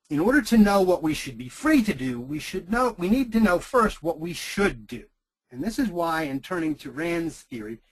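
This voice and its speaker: A man's voice: on the high side, fairly bright tone, husky, low-quality recording. A man giving an online lecture, emphatic, repeating key phrases for stress, into a computer microphone. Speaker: webinar lecturer.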